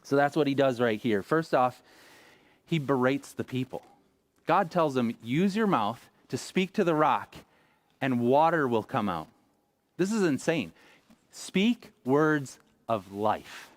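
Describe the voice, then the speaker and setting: A man in his thirties delivers a sermon in a relaxed, conversational way, now and then voicing the people he quotes. His voice sits in a middle pitch. The sound is dry and close. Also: slow, no echo. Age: 30s. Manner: conversational preaching, acting out quoted lines. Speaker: pastor. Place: church sanctuary.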